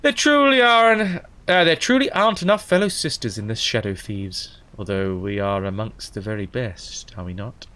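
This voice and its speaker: A man voicing a sultry, flirtatious female assassin who speaks in a soft, purring, teasing way. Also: lowish voice, animated, normal speed. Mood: silky.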